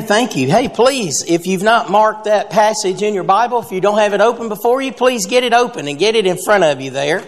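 A high-pitched man preaches from the pulpit, telling a homespun joke before walking through the Scripture. His voice rings out with a long reverb tail from the church sanctuary around him. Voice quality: folksy storytelling with jokes. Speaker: pastor. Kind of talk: sermon.

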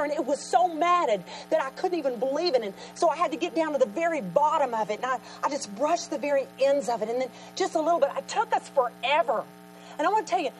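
A woman telling a personal story in a sermon, animated and laughing, then dropping to a soft, nearly whispered voice in tender moments. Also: sits high, a little hiss or hum, low-quality recording. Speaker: Christian speaker telling a story.

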